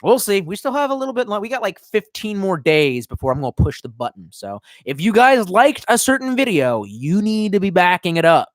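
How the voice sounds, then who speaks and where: A man's voice: high voice, sing-song, a little fast, few pauses, no echo, studio quality. A young man ranting casually to his live chat, profane and rambling. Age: young adult. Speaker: live streamer.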